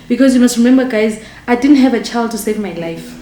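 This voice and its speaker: A young woman telling a storytime vlog, animated and indignant, talking straight to her viewers. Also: on the high side, a little fast. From South Africa. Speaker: vlogger. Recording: echoey room with faint music.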